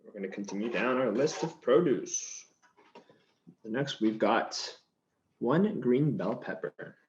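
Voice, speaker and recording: A man's voice: mid-range voice, animated, unhurried, a little mellow. Easygoing male chef demonstrating cooking. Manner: easygoing, chatty, explains steps as he works. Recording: slightly dull sound with faint noise.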